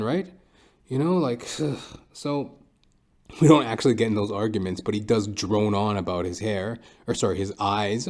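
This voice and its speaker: A man's voice: lowish voice, moderate pace, a little mellow. A man hosting his own podcast, telling comic stories in a rambling, profane way. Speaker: podcast host. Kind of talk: comedic storytelling monologue.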